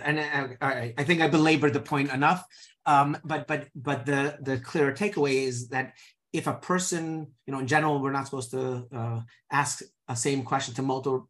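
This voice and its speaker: A man's voice: medium pitch, fairly bright tone. A man hosting a podcast, asking long questions with frequent restarts. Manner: halting, many restarts, thinking aloud. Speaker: podcast host. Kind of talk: podcast interview.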